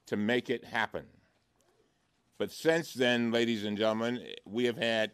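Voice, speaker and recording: A man's voice: fairly low pitch, clear, resonant tone. A congressman giving an impassioned press conference speech, driving his points home with rhetorical repetition.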